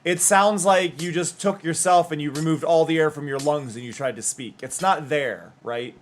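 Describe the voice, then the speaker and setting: Male streamer, higher-pitched voice, rambling chatter and hummed asides. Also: normal speed, a little hiss or hum. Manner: rambling and chatty, with hums and half-sung bits. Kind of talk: casual live-stream chat.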